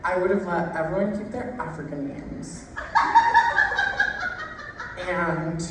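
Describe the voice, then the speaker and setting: A woman stand-up comedian telling jokes in an unhurried, deadpan way, stretching out her punchlines. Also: low voice, heavy background noise. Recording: echoey room heard from a distance.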